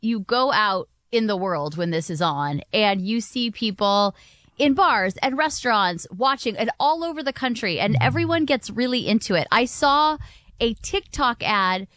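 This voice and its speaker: Brief: female radio co-host, lively and chatty, dry studio mic. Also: fairly high pitch, moderate pace, dry recording. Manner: lively, enthusiastic, self-deprecating. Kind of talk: casual talk radio chat.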